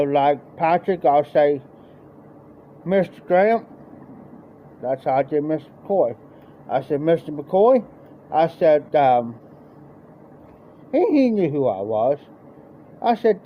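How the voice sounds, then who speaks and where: A man with a Midwestern American accent telling a rambling, folksy story on a live stream and acting out the voices of the people in it. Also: a little high. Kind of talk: casual storytelling. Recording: dull lo-fi stream audio, faint noise.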